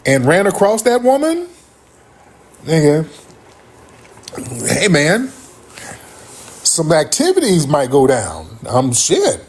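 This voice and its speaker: A middle-aged man spins a casual comic tale on a livestream, cursing freely and doubling back on his words. His voice has a husky grain, and his pitch leaps around with lively energy as he tells it. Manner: animated, profane, rambling with restarts. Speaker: livestream host.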